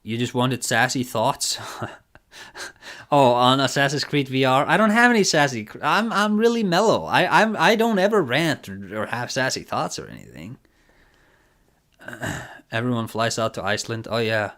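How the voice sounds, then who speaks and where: A man's voice: medium pitch, sing-song, normal speed, fairly bright tone. A man with a nasal voice streaming a live reaction, chatting casually in a rambling, giggly, self-deprecating way.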